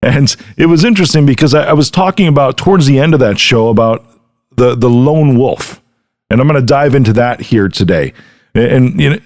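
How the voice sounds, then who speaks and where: A middle-aged man hosting a podcast, giving an earnest motivational talk straight to the listener and often checking in with "right?". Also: mid-range voice. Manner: earnest, direct address with frequent "right?". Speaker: podcast host. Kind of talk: motivational monologue.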